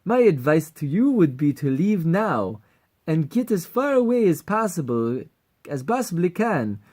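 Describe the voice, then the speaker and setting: A man voicing a vain, high-strung male military general in a raised, haughty voice, as an amateur voice audition. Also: sing-song, measured pace. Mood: haughty threatening. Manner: haughty, loud and raised in pitch.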